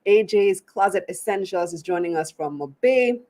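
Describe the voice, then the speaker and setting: A woman's voice: fairly low pitch, unhurried, a little mellow. A Jamaican woman hosting a live-streamed business interview show, chatty and upbeat, laughing easily.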